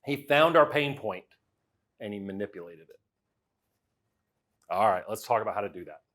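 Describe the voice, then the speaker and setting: A middle-aged man giving a lively storytelling talk, swinging from loud to quiet as he acts out the voices he quotes. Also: fairly low pitch, normal speed. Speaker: speaker.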